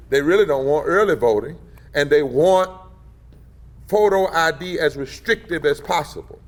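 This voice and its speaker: A man addresses a press gathering in a preacher's cadence. His voice sits a little high and rises and grows louder on the words he wants to land, then drops back to a steady, measured delivery. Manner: rhythmic, emphatic, swells louder and higher on key phrases. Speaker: civil rights leader and pastor speaking at a press event. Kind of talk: impassioned preacher-style public address.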